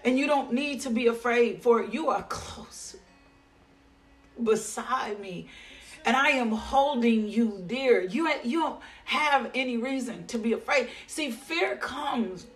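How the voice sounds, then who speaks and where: A woman preaching a devotional sermon in a rhythmic, repetitive style with drawn-out phrases. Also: fairly high pitch, faint music behind.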